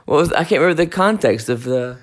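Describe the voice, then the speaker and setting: A man co-hosting a podcast in casual chat, a relaxed storyteller who often laughs along. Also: on the high side, quick pace. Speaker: podcast co-host.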